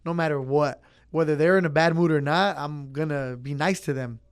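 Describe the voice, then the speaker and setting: A man's voice: a little high, steady tone, normal speed, clean tone. A young man in the service trade, talking casually in an interview and acting out chats with customers. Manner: easygoing, acts out customer chats. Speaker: pizza place worker.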